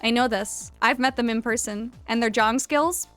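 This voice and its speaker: A chatty young woman streams a game and talks to her viewers in a loose, giggly way. Her voice sits a little high. Soft game music plays faintly behind her. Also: normal speed. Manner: chatty and giggly, thanking followers; reads game dialogue aloud. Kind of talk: casual live-stream chat over gameplay.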